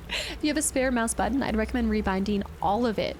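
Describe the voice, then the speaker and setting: A playful woman streamer chats casually over her game, thinking aloud and responding to viewers. Her voice sits a bit high, and a faint hiss stays in the background. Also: a little fast. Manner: chatty and playful, thinking aloud, reading chat and thanking viewers. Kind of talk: casual gameplay commentary.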